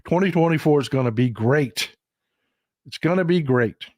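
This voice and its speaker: A man's voice: fairly high pitch, lively intonation, normal speed, darkish tone, no echo, clean studio sound. A middle-aged man with a Texan accent, hosting a live stream and telling folksy stories in a chatty, emphatic way. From Texas. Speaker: livestream host. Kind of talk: casual chat.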